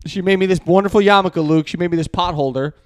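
A man with a notably high voice co-hosts a podcast in loose, jokey conversation. He keeps slipping into brief put-on voices of other people. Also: clean tone. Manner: joking, puts on quick voices. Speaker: podcast co-host. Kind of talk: casual chat.

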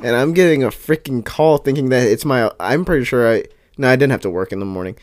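A man's voice: medium pitch, quick pace, dry recording. Teasing guy with a dry close sound. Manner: teasing, interjects with questions. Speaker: older brother. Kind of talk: casual chat.

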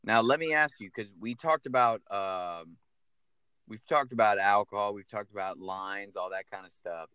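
A man's voice: on the low side, moderate pace, sharp tone, clean tone, no echo. Joking male podcast host, dry mic. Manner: loose, joking interviewer. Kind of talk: casual podcast chat.

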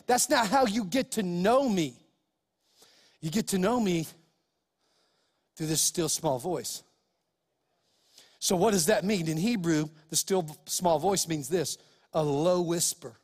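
A man's voice: high voice, slow pace, long pauses, darkish tone, in a large hall. A pastor preaching a sermon, emphatic and speaking straight to his listeners with rhetorical questions.

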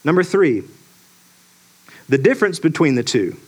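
A man preaching a sermon to a congregation, emphatic and lively, asking the audience rhetorical questions. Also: a little high, normal speed. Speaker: pastor.

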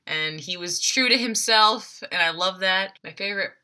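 A young woman casually recapping a TV episode, chatty and animated, sometimes jumping into quick quoted voices. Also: medium pitch.

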